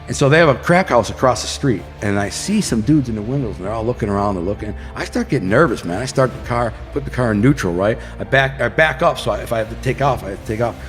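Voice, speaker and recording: Barely pausing, a Detroit man talks quickly in a mid-range voice with lively intonation. He's a podcast guest casually telling a vivid, slang-heavy street story, acting scenes out with sound effects, and the audio carries long hall reverb and faint music.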